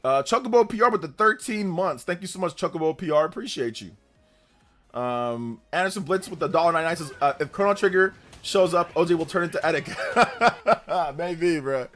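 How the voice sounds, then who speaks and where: Male streamer, lively pitch swings, casual chat, faint music underneath. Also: a little fast. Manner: animated, reads chat aloud, laughs often. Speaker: livestream host.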